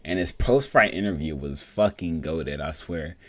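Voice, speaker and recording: A young man with a very deep voice talks through fights in a loose, rambling vlog, swearing freely and getting worked up. His voice sits close and dry on the mic with no room around it. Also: moderate pace, dry recording. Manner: profane, rambling, excitable. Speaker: MMA vlogger. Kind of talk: casual fight breakdown.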